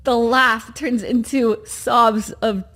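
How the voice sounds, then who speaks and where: A pregnant woman co-hosting a podcast, chatting casually in an animated, mock-indignant way that keeps breaking into laughter. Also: on the high side, slow. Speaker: podcast co-host. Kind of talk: casual chat.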